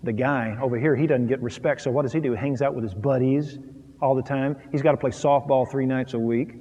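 A man preaching a sermon, moving from quiet, low asides to loud, rising emphasis and acting out little scenes. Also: steady tone, a little fast, in a large hall, lo-fi sound.

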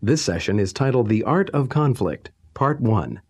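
Husky male announcer, lively delivery. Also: mid-range voice. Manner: measured, formal announcing. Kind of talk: scripted introduction.

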